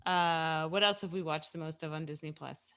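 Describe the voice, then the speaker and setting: A woman's voice: low-pitched, steady tone, normal speed, a bit bright, clear, resonant tone. A woman in her thirties co-hosting a podcast, chatting casually and wryly at home, swearing now and then. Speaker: podcast co-host. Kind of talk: casual chat.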